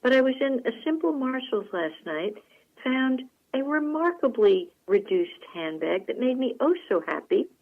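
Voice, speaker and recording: A woman hosting a radio talk show, telling stories to listeners in a folksy, animated way. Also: sits high, normal speed, narrow, tinny audio. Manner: folksy, animated storytelling with frequent laughs. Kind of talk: chatty monologue to listeners.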